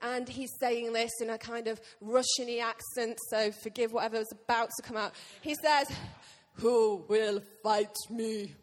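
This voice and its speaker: A woman pastor preaching a sermon to her church, lively and joking with the congregation. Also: a little high, normal speed, hardly any pauses. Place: church hall. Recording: long reverb of a church hall.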